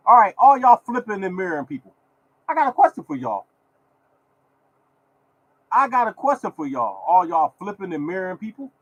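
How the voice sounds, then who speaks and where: Man, podcast host, slightly high voice, preachy, repetitive, scolding. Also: lo-fi sound. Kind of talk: casual podcast rant.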